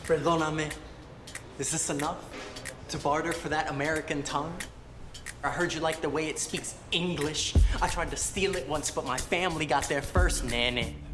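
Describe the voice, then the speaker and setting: A young adult slam poet delivers spoken word with pulsing rhythm and intensity. The voice sits in an ordinary middle pitch. Film music plays clearly behind the voice. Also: steady tone, normal speed. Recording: film audio with score underneath.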